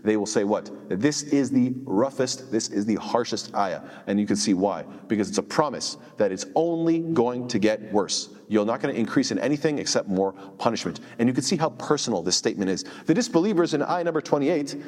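A man explaining scripture in a lesson, emphatic and quick, often posing rhetorical questions to his listeners. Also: medium pitch, animated, a little mellow, long reverb tail. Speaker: Quran teacher.

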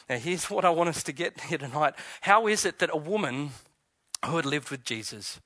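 A man gives an Easter sermon in a fairly high, bright and forceful voice. He talks to the congregation conversationally, posing questions and restarting his phrases. The sound is dry and close. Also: animated, moderate pace, dry recording. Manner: conversational, questioning, self-interrupting preacher. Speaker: pastor.

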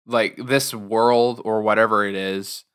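A man with a lowish voice and a bright, forceful edge, chatting casually on a podcast. He sounds keen and easygoing, and tosses in slang as he talks. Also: fairly even intonation, slow pace, clear, resonant tone. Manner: enthusiastic, conversational, says "dude".

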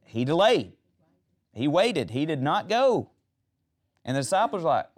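A man's voice: a little high, sing-song, a little slow. A man preaching a sermon, retelling Bible stories and asking the audience questions.

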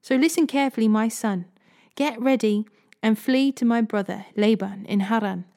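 A woman's voice: on the high side, moderate pace, creaky, mellow. A woman voicing a worried mother giving her son urgent instructions. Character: anxious scheming mother.

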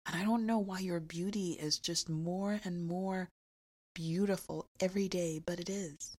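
A woman hosting an inspirational podcast, talking emphatically and repeating phrases slowly for effect. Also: lowish voice, fairly even intonation, a little mellow. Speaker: podcast host.

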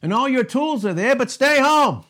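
With a very high, pushed and bright voice, an animated pastor preaches an expository sermon at a moderate pace. He reads scripture verse by verse in King James phrasing, stopping for asides and rhetorical questions.

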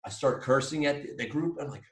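A man co-hosting a podcast who tells a story excitedly in casual chat, swearing often and acting out his own yelling. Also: a little high, brisk. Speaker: podcast co-host. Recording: roomy echo.

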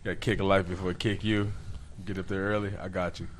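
A man's voice: deep voice, level tone, fast, a little hiss or hum. A man talking casually as the studio's producer, using slang and laughing as he talks. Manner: laid-back slangy talk, laughs while speaking. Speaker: music producer and studio owner. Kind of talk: casual podcast banter.

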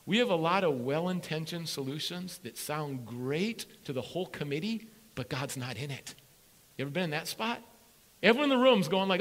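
A male pastor delivering a sermon with a high, bright voice that leaps up and down in pitch. He is energetic and playful and hammers his key words through repetition. His voice carries a long reverb from a church hall. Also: moderate pace. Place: church sanctuary with congregation.

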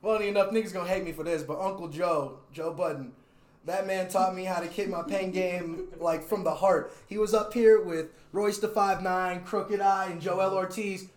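A man's voice: high voice, steady tone, normal speed. A young man, a rapper, chatting loosely in an interview, cursing freely and laughing often. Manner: laid-back, loose and profane, laughs often. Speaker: rapper and videographer, interview guest. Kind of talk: casual interview chat. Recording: roomy echo.

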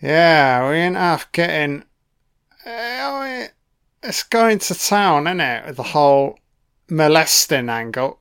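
A man's voice: on the high side, unhurried, fairly bright tone, smooth. A man giving casual audio commentary on a film, with profane, sardonic running reactions.

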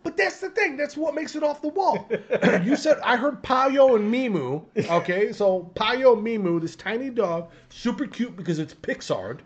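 A man's voice: very high-pitched, lively intonation, moderate pace, few pauses, muffled recording. A man co-hosting a casual podcast, rambling and swearing with lots of laughter. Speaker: podcast co-host. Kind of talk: casual banter.

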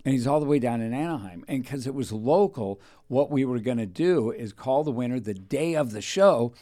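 Male radio host, mid-pitched, rambling anecdotal storyteller. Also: expressive, a little fast, warm tone. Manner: rambling anecdotal, acts out quoted voices. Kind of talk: casual storytelling chat.

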